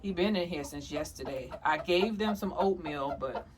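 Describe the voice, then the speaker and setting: A woman's voice: low-pitched, normal speed. A woman homesteader recording a casual vlog outdoors at her backyard coop, playfully teasing and talking to her hens as if they were children.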